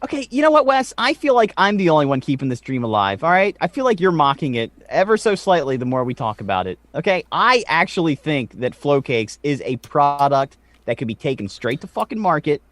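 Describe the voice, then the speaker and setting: Animated man hosting a podcast. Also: on the high side, brisk, few pauses, no echo. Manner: animated, swearing, excitable. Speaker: podcast co-host. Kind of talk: casual chat.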